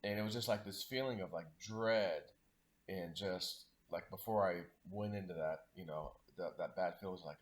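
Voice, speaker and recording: A man with a somewhat low voice tells a personal story in a relaxed monologue. His talk rambles, with fillers like "like" and "you know" in nearly every breath. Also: normal speed. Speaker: spiritual vlogger.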